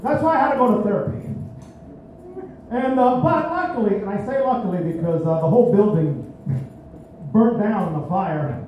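Manic high-voiced man in an echoey club. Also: expressive, moderate pace, long pauses, dull audio, a little hiss or hum. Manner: manic, rambling, self-mocking. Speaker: stand-up comedian. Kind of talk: live stand-up set. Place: comedy club stage. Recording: distant echoey secret club recording with music.

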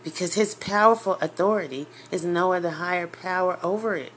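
A woman's voice: on the low side, a little fast, few pauses, a little hiss or hum. A woman preaching an informal sermon, emotional and near tears, rising into impassioned, emphatic outbursts.

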